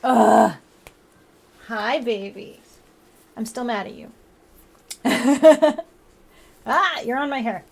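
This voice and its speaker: A woman's voice: on the high side, extremely slow, gravelly, pauses often, breathy edge. Giggly young woman streamer. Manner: giggly, chatty, baby-talks to her cats. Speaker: livestream host. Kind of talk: casual livestream chat.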